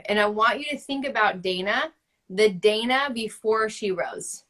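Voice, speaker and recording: A thirties-aged woman hosts a guest by video call as a book-writing coach in a spiritual coaching chat. Her voice is mid-range, unhurried and a bit bright, and she speaks with passion and emphasis, using "like" constantly.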